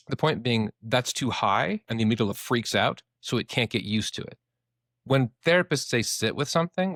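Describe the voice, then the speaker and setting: A young man, a therapist, explaining things in a casual podcast chat, animated and casually profane, acting out inner voices. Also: fairly low pitch, no room sound, studio quality.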